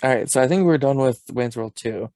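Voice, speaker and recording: A man's voice: mid-range voice, brisk, darkish tone, no room sound, clean studio sound. Laughing man in casual podcast chat. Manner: rambling, laughs often, recounts scenes. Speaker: podcast co-host.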